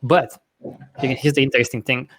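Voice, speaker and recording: Rambling, profane podcast host. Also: male voice, mid-range voice, steady tone, fairly quick, a bit bright, husky, no room sound. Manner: rambling, profane, self-correcting; laughs often. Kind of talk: casual podcast chat.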